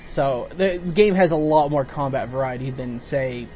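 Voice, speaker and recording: A man's voice: medium pitch, normal speed, a little mellow, soft background music. A man hosting a let's play, chatting casually, laughing often and explaining game mechanics. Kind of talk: casual gameplay commentary.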